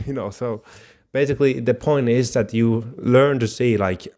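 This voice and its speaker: A man's voice: medium pitch, moderate pace, few pauses, a little mellow. A man co-hosting a casual podcast chat, talking at length with frequent restarts and the odd laugh. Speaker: podcast co-host.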